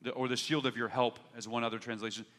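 A man's voice: mid-range voice, level tone, fast, a bit bright. A man preaching a sermon in an earnest way, pressing harder when he urges and often restarting his words. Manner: earnest preaching, rising in force when urging, with repeated restarts. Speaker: pastor. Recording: long hall reverb.

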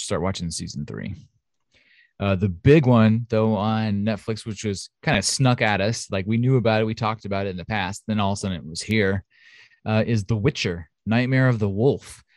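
A man with a lowish voice chats eagerly as a podcast co-host, piling on fillers as he goes. The recording is close and dry, with no room sound. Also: moderate pace, a little mellow, dry recording. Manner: chatty, enthusiastic, lots of fillers. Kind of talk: casual chat. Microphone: home studio mic.

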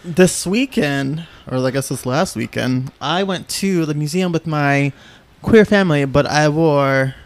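A man co-hosting a podcast in casual chat, laid-back with deadpan quips. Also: on the high side, unhurried. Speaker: podcast co-host.

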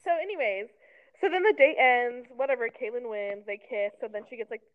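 A woman's voice: fairly high pitch, lively intonation, a little fast. A woman in her twenties, co-hosting a casual recap podcast in a chatty, sarcastic way, with lots of "like.". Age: 20s. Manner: chatty, sarcastic, heavy use of "like". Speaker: podcast co-host. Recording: tinny phone-like sound.

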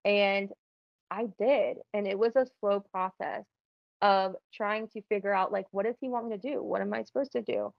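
A woman's voice: mid-range voice, steady tone, moderate pace, vocal fry, no echo, lo-fi sound. A young woman telling her personal faith testimony in a casual, earnest way, often saying "like". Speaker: guest sharing testimony.

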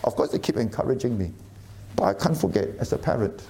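A man's voice: on the low side, expressive, quick pace, dark tone. A middle-aged man preaching a sermon, emphatic and often asking the audience questions. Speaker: pastor.

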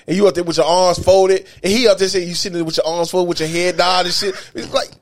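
A man's voice: high-pitched, fast, few pauses. A middle-aged man co-hosting a podcast, telling stories in casual chat, profane and full of filler. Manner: animated, profane storytelling with lots of filler. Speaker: podcast co-host.

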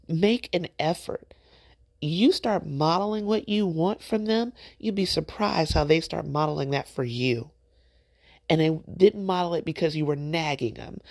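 Woman podcast host, middle-aged, gravelly with vocal fry, animated faith-based exhortation. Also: deep voice, no echo. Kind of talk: encouraging faith-based talk.

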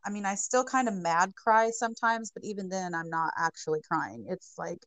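A woman's voice: mid-range voice, moderate pace, fairly bright tone, no room sound. A young woman speaking reflectively and matter-of-factly about her own experiences in candid conversation.

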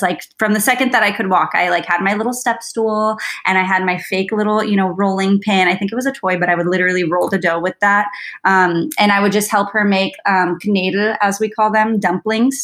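A woman's voice: mid-range voice, fairly even intonation, brisk, fairly bright tone. A woman dietitian co-hosting a podcast in casual, reflective chat full of "like" fillers. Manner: chatty and reflective, many fillers like "like".

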